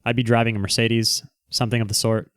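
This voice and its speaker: A man's voice: medium pitch, level tone, quick pace, no echo, studio quality. Brash, teasing man hosting a live chat. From Southern California. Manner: brash, teasing, joking banter. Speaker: livestream host reading chat. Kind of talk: casual livestream chat.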